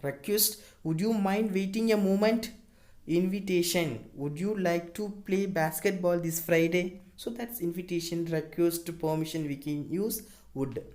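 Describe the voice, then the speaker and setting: Woman teaching grammar, low voice. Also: darkish tone. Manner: explains modal verbs step by step, reading example sentences slowly. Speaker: English teacher. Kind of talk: grammar lesson.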